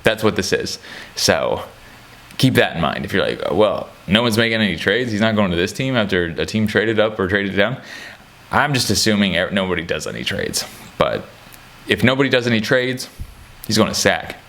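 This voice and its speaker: A man talks through basketball prospects in a relaxed, off-the-cuff way. His voice sits low, and he jokes, trails off and restarts his thoughts, filling gaps with ums and uhs. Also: normal speed, gravelly. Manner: rambling, joking, many fillers and restarts. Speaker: sports commentator. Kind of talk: casual chat.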